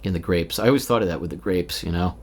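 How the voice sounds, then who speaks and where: A man's voice: low voice, fast talker. A man in his thirties talking alone in an unscripted stream-of-consciousness monologue, rambling and candid, swearing often. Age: 30s. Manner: rambling and candid, with frequent profanity and filler. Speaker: vlogger. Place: indoors, recording alone.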